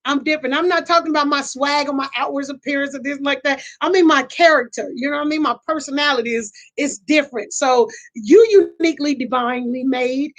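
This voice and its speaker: A middle-aged woman with a high voice talks through a casual chat as host. She tells stories in a lively, animated way, acts out quotes and laughs often. She repeats herself and restarts phrases as she goes. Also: fast, hardly any pauses.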